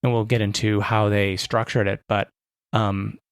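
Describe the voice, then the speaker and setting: Gravelly man co-hosting a podcast. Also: on the low side, flat delivery, normal speed, no echo. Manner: rambling, self-correcting, wry. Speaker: podcast co-host. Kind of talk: casual chat.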